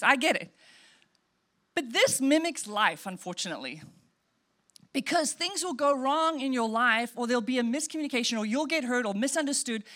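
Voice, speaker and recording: Middle-aged woman pastor, high voice, emotive preaching that swings soft to emphatic. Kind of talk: sermon.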